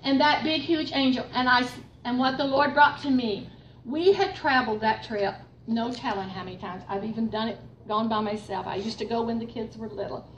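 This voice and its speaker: An older woman telling a faith testimony to a church group, animated and storytelling. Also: fairly high pitch, brisk, highs cut off. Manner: animated storytelling, laughing through excited parts. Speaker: speaker giving a testimony. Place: room with a gathered group. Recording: roomy, distant mic with faint noise.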